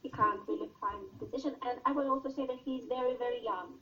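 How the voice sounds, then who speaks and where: A woman's voice: a little high, fast, bright, forceful tone, lo-fi sound. Woman student answering in class with hesitations. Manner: hesitant, searching for words.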